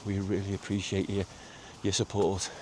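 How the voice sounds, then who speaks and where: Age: middle-aged. Sex: man. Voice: low-pitched. Style: chatty walking vlog, halting. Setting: outdoors by the sea, faint traffic behind. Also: completely flat delivery, darkish tone. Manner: chatty, halting with many repeats and fillers. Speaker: vlogger. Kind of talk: casual walking vlog narration. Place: outdoors on a seaside promenade. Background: faint outdoor ambience with traffic and seagulls.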